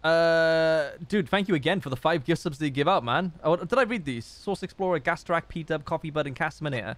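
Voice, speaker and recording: A man with a somewhat high voice, chatting casually on a game stream. He reads viewer messages and thanks supporters by name in an upbeat, friendly way. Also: expressive, brisk, fairly bright tone. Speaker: streamer reading chat messages. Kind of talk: casual gaming stream chat.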